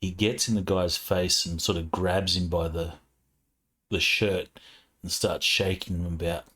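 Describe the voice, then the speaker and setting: A man narrating as game master of a tabletop role-playing game, relaxed, with many fillers. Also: sits low, a little slow, breathy edge.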